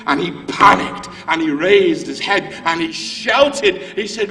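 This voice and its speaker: Man, high voice, impassioned sermon, far from mic. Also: normal speed, few pauses, bright, forceful tone. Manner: impassioned, rising and falling delivery. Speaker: preacher. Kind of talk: emotional sermon. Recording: distant speaker in a reverberant hall with music.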